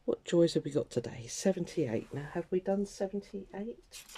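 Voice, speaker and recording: A woman hosting a craft video, chatting casually to herself and her viewers with laughing asides, in a rough morning voice. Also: fairly low pitch, expressive, normal speed, dark tone, slight background noise. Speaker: craft channel host.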